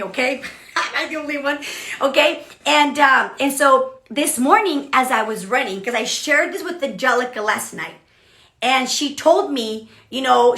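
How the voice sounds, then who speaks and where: A woman giving a chatty, animated motivational livestream talk as a business coach, with frequent "okay" and "like" fillers. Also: high-pitched, moderate pace, echoey room. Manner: animated, chatty, many okays and likes.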